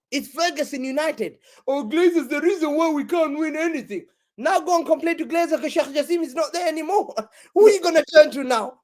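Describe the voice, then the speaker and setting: A man with an unusually high, bright-toned voice talks football on a live stream, gleeful and mocking as he rips into a rival club. He drops street slang, laughs at his own jokes, and talks over a desk microphone on a video call. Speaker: guest pundit.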